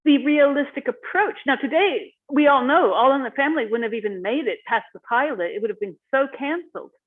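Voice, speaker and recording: A woman's voice: high-pitched, lively intonation, a little fast, husky. Woman, interviewer, enthusiastic, tinny phone-like sound. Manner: conversational, enthusiastic.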